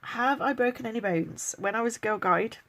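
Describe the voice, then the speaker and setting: A woman's voice: a little high, fairly quick, fairly bright tone. Chatty, weary middle-aged English woman. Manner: chatty, laughs often, emotional at times. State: tired, chronically ill. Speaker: vlogger. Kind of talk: casual get-to-know-me Q&A.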